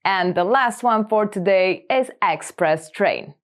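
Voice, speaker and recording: A woman hosting a scripted vocabulary lesson, repeating each word slowly and clearly for learners. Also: mid-range voice, animated. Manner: slow, clear repetition of words for learners. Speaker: language lesson host.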